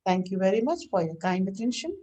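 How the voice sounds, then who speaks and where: A woman with a warm, mellow voice gives an English vocabulary lesson. She works steadily through word lists, naming each form one by one in a patient, instructive manner, pitched neither high nor low. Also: sing-song, fast talker. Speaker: English teacher.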